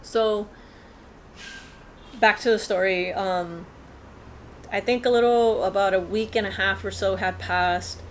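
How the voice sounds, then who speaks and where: A woman's voice: medium pitch, steady tone, takes it slowly, long pauses. Woman vlogging her story, earnest and rambly, lots of likes and you knows, bit of hiss behind. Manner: earnest, rambling, many fillers. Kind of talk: casual personal storytelling.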